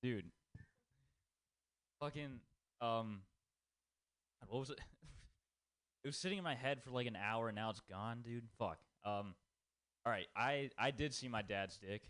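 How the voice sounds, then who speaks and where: A young man working through a loose stand-up set in a small comedy room, talking at an ordinary, middling pitch. He rambles, swears freely and makes fun of himself as he goes. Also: a little slow, long pauses, fairly bright tone. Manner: rambling, self-deprecating, profane. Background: small audience.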